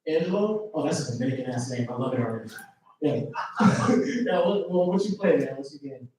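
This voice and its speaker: A man's voice: mid-range voice, expressive, brisk. A male stand-up comedian doing crowd work in a comedy club, brash and teasing, full of casual slang. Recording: very echoey club from far off.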